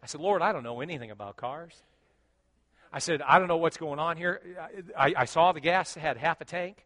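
A middle-aged male pastor telling a story in a sermon, animated and joking, acting out what people said. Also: a little high, fairly quick. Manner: animated, joking, acts out quotes.

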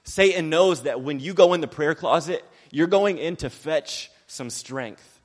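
A young man preaching a sermon quickly and energetically, mixing in jokes and acted-out quotes. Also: fairly high pitch, big-room sound.

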